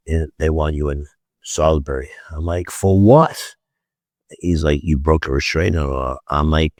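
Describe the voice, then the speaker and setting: A man with a very deep voice, recorded in a clean studio with no echo, guests on a podcast and tells a rambling story in casual talk. He stammers, repeats himself, acts out quoted dialogue and swears often.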